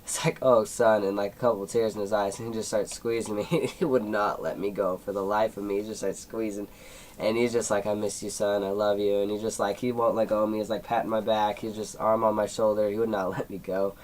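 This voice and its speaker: A man's voice: on the low side, level tone, fairly quick, darkish tone, slight background noise, rough recording. Emotional teenage guy rambling. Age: teens. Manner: rambling, many "like" fillers, emotional, tearing up at times. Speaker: YouTuber. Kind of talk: personal vlog storytelling.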